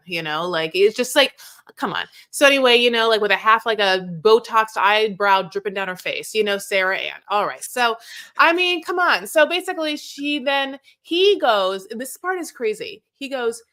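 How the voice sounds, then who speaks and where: A chatty woman co-host recapping a reality show in a loose, sarcastic way. Her voice sits at an ordinary middle pitch, and she slips into quick imitations of the people she describes. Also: expressive, bright, forceful tone. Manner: chatty, sarcastic, acts out cast members' lines. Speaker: podcast co-host. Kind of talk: casual recap chat.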